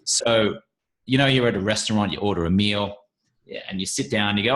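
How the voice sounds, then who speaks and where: A middle-aged Australian man, a podcast guest, talking in a brisk, confident, punchy way. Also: on the low side, fairly bright tone. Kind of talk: casual interview talk.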